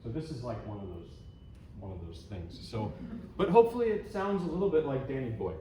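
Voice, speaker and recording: Man, mid-pitch, a chatty self-deprecating pianist talking to his audience, caught from far off in a very echoey hall with background noise. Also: very animated, a little fast, mellow. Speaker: pianist giving a recital. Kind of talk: talking to a recital audience between pieces. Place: concert hall.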